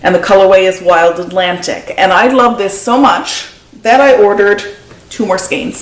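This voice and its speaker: A woman's voice: mid-range voice, fairly even intonation, normal speed. An older woman in her seventies hosting a knitting video, chatting casually and rambling as she shows her projects. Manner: chatty, rambling, easily sidetracked. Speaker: knitting podcast host. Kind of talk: casual show-and-tell chat. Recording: echoey room.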